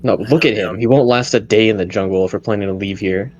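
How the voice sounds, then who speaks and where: A man's voice: lowish voice, quick pace, darkish tone, lo-fi sound, slight background noise. A man talking bluntly as a player in a tabletop role-playing game. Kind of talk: casual tabletop role-play.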